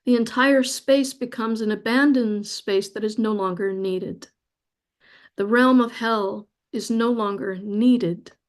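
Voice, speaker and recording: A woman guest reading a spiritual account aloud in a slow, soft, reverent way, moved nearly to tears. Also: a little high. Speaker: guest speaker.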